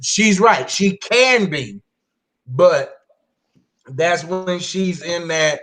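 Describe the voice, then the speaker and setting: A man's voice: sits high, expressive, drawn-out words, a bit bright. A man hosting a talk show, speaking candidly and casually about his marriage. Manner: candid, conversational, folksy. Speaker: host. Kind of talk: casual chat.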